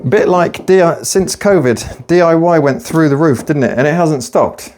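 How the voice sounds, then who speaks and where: A man's voice: on the high side, expressive, moderate pace, a little mellow. A man, a personal trainer, ranting casually and profanely while working out at the gym. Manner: profane, rambling, sarcastic. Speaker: personal trainer and fat-loss vlogger. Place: gym during a workout.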